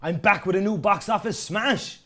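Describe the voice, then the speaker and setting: A boastful movie-star guest with a thick put-on accent, as a man acts him out. He brags and bristles in a high, bright voice, swaggering through a comedy talk-show sketch. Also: normal speed. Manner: heavy put-on accent, catchphrase-repeating, bragging. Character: blustering action-star guest, male, middle-aged, boastful and touchy.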